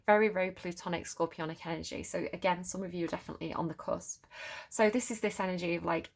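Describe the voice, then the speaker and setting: A woman's voice: on the low side, fairly even intonation, fast talker, gravelly. A middle-aged woman giving a casual tarot reading, encouraging and thinking aloud with many fillers as she turns cards. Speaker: tarot reader.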